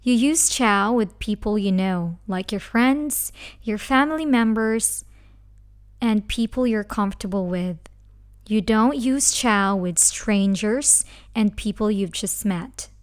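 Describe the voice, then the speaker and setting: A woman teaching a language lesson who speaks slowly and carefully, breaking words into syllables. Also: mid-range voice. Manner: slow, careful, spells out syllables. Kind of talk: slow scripted lesson.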